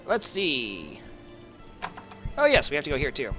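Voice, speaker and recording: A man's voice: medium pitch, sing-song, slow, pauses often, soft background music. A man casually commenting on his own gameplay, sarcastic and crude. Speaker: gaming video host.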